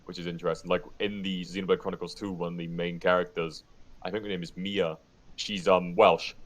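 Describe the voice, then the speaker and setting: Man, very low voice, relaxed rambling podcast chat, lists details. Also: brisk, a little hiss or hum.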